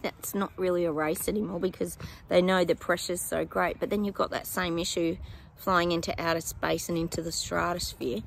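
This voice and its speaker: A woman's voice: lowish voice, creaky, slight background noise. A woman giving psychic predictions to her viewers in a casual, chatty way, with many ums and apologetic asides.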